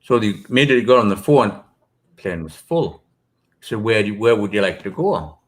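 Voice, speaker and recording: A man's voice: fairly low pitch, lively intonation, moderate pace. A British man, an author and guest, telling rambling stories with many ums and restarts. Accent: British English. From Britain. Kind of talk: casual interview storytelling.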